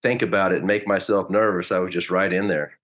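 A middle-aged man, a former pro ballplayer, telling stories as a guest in a relaxed, anecdotal way and acting out quotes. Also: low-pitched, brisk. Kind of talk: casual interview storytelling.

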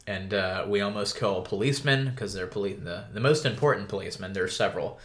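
A man co-hosting a podcast, chatting casually about a book, with relaxed fillers and restarts. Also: on the low side, fast. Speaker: podcast co-host.

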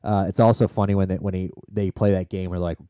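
A man co-hosting a podcast in casual chat, rambling and swearing freely with excited tangents. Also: low voice, quick pace, clear, resonant tone, no room sound, studio quality. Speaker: podcast co-host.

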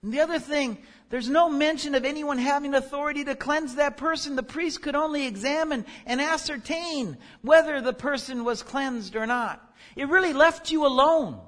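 High-voiced man teaching scripture in a reverberant space. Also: normal speed, fairly bright tone. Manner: earnest teaching, rises sharply when crying out quotes. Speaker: Bible teacher. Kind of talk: Bible study lesson.

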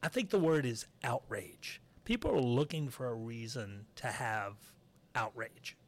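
A man's voice: medium pitch, expressive, unhurried. A middle-aged man, a retired Navy master chief, talking as a guest in a casual interview with dry, teasing remarks.

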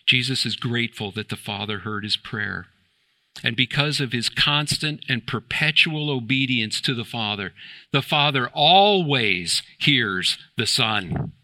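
A man's voice: medium pitch, expressive, unhurried, pushed and bright. A man preaching a sermon in church, emphatic and fond of rhetorical questions, building to exclamations. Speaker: pastor.

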